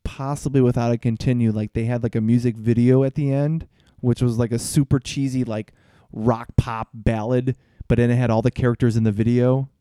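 A man's voice: medium pitch, fairly even intonation, fairly quick, few pauses, mellow, clear, resonant tone, no room sound, clean studio sound. A man chatting casually about retro video games, rambling with fillers. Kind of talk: casual chat.

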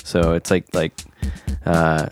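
A man's voice: low voice, completely flat delivery, slow, faint music behind. A man from Nashville with a Tennessee accent, co-hosting a casual podcast chat, joking and laughing easily. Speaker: podcast co-host.

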